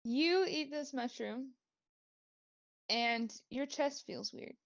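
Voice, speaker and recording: A woman running a tabletop game as dungeon master, speaking in an unhurried, giggly way over a home mic. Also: high-pitched, gravelly, highs cut off.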